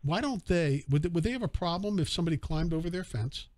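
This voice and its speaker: A man hosts a call-in radio show from a studio, his voice pitched a little high and dry, without room echo. He argues emphatically, stacking rhetorical questions and repeating his points. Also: animated, fast, a little mellow. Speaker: fill-in radio host.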